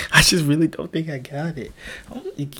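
Husky young man rambling casually. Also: on the high side, pushed and bright. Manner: rambling, stammering restarts. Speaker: podcast host. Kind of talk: casual podcast chat.

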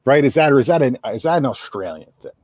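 A man's voice: medium pitch, very animated, fast talker, darkish tone, slightly rough, no room sound. A man with a South Jersey accent co-hosting a sports radio show, chatty and rambling, repeating words as he thinks. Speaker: podcast co-host. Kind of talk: casual sports radio chat.

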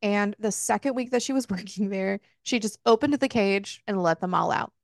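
A woman co-hosting a book club podcast, retelling a romance novel in a casual, profane, animated way. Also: mid-range voice, moderate pace, no echo, studio quality. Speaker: podcast co-host. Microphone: close podcast mic.

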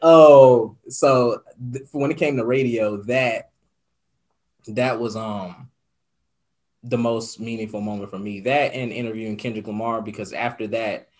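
A man's voice: mid-range voice, steady tone, unhurried, a little mellow. A young man talking earnestly as an interview guest, reflective and full of fillers. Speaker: guest, podcaster and radio host. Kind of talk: casual interview talk.

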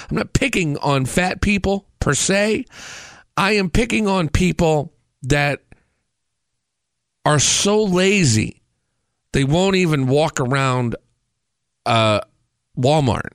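In a high-pitched voice, a forties-aged male host delivers a comedic rant, swearing freely and telling stories with animation. He speaks at a measured pace with long pauses, and the studio sound is clean without echo.

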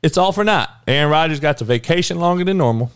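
A man's voice: on the high side, fast talker, smooth, dry recording, studio quality. A man hosting a podcast, delivering a blunt, profane sports rant in casual talk. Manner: profane, blunt, animated rant with frequent cursing. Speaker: podcast host.

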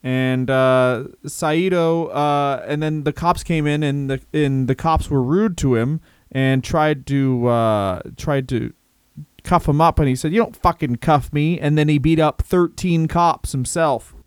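A man co-hosting a comedy podcast tells a long, rambling anecdote, laughing and swearing along the way. His slightly high voice is smooth and clear, recorded dry and close. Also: measured pace, no echo. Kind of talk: casual comedic chat.

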